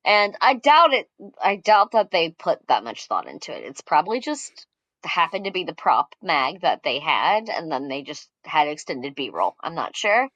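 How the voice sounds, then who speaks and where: A woman's voice: low-pitched, sing-song, normal speed, a bit bright, no room sound. A woman from the American South, a podcast guest, chatting casually with wry humor. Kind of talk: casual chat.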